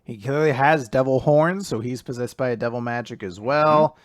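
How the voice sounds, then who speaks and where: A man co-hosting a podcast, recapping manga in casual, animated chat and laughing often. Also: mid-range voice, normal speed, no echo. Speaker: podcast co-host.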